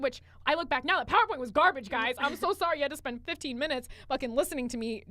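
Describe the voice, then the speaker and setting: Woman, young adult, podcast co-host, fast, animated storytelling, casual swearing, dry recording. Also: high voice, dry recording. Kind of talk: casual chat.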